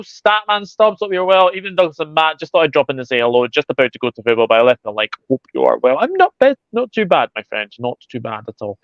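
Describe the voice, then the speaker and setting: Male host, casual livestream chat, smooth voice, slightly muffled dry recording. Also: medium pitch, fairly bright tone, no room sound. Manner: chatty, greets viewers by name, many fillers. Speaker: football channel host reading live chat.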